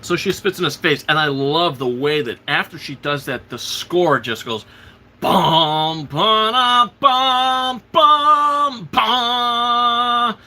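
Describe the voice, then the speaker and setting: A man hosting a live show, excitedly retelling a film's plot in a rambling, casual way, quoting the characters as he goes. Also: on the high side, normal speed, hardly any pauses, breathy edge. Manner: excited, rambling retelling full of fillers and restarts; quotes characters in passing. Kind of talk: casual film recap on a livestream.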